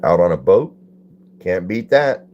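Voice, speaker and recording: Man, deep and mellow, easygoing host reading viewer comments on a phone stream. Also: sing-song, measured pace, dull audio. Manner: laid-back, greets chatters by name and reads comments aloud. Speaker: livestream host. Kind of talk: casual livestream chat with viewers.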